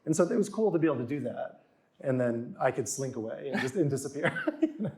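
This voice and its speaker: A man's voice: mid-range voice, animated, quick pace, a little mellow. A man in his forties telling stories in casual chat, acting out quotes in raised voices. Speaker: author and guest. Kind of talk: casual storytelling.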